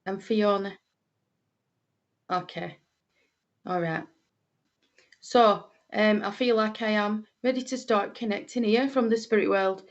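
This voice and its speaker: A woman's voice: mid-range voice, slow pace, long pauses, dull audio. A middle-aged woman with a Lancashire accent, a medium greeting viewers on a livestream in a homely, chatty way with plenty of fillers. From Lancashire, England.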